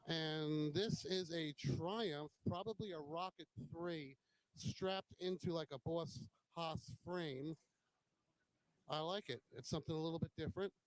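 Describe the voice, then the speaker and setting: Male host, slightly high voice, casual admiring walkaround banter. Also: rough recording. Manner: chatty, admiring, joking.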